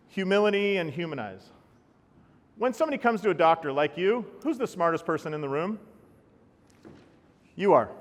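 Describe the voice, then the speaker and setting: A man giving a live talk to an audience, energetic and joking, often putting questions to the crowd. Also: sits high. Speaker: speaker at a healthcare talk. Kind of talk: live keynote presentation. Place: large hall with audience. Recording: long reverb of a large hall.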